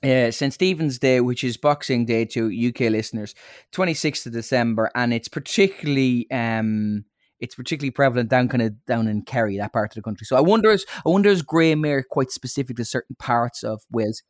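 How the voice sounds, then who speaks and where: A man's voice: medium pitch, no room sound, clean studio sound. Joking Irish man co-hosting. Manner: riffing, playful, quick to joke. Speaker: podcast co-host. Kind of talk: casual comedic chat.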